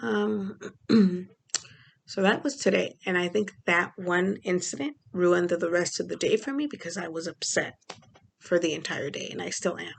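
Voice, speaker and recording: A woman who works as a school speech therapist, telling stories from her workday in a casual vlog and often clearing her throat. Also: normal speed. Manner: chatty, frequent fillers and clearing of throat; acts out quoted people with pitch jumps. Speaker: vlogger.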